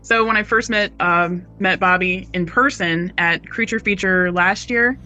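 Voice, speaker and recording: Bright woman with dry, playful quips. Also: on the low side, unhurried, soft background music. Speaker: guest co-host. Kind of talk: casual podcast chat.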